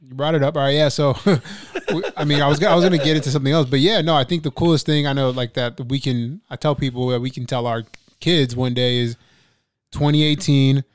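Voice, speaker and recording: A young man hosts a relaxed podcast, trading stories with his brother. His voice is smooth and clear. The recording is dry and close, with no room sound. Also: medium pitch, fairly quick, no room sound. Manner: laid-back, laughs often, swears casually. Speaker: podcast host. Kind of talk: casual podcast chat. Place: studio.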